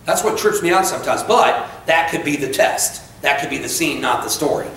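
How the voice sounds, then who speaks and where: A man's voice: fairly high pitch, expressive, moderate pace, a bit bright, far from the mic. Male preacher echoing through a church. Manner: emphatic, repetitive preaching with asides and self-deprecating stories. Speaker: pastor. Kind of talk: sermon. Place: church sanctuary. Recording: echoey church recorded from afar.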